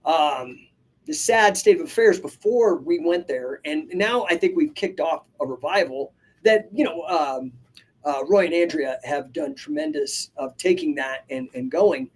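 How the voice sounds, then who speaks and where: Husky-voiced man telling stories energetically. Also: a little high, a little slow. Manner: energetic storytelling with many asides and restarts; casual, swears freely. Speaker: podcast host and coach. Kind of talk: casual live podcast talk. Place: live stream.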